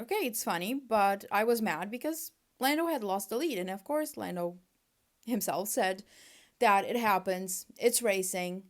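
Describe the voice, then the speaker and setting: A young woman vlogger chatting casually, an exasperated fan full of "like" and quick asides. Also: mid-range voice. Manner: animated, exasperated fan ranting with lots of "like". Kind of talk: casual chat.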